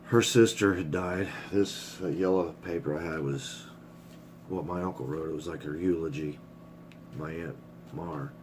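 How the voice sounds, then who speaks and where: Over a noisy background, this vlogger speaks in a low, unhurried voice. He's a middle-aged man rambling openly in a laid-back personal video, cursing without restraint as he becomes emotional and chokes up.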